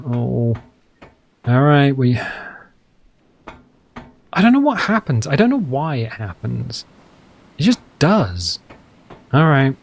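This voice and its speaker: A man's voice: medium pitch, darkish tone. A man casually commentating a survival game as he plays, rambling, joking at his own expense and talking to himself. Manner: rambling, self-deprecating, talks to himself. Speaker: gameplay commentator. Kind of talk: casual let's-play commentary.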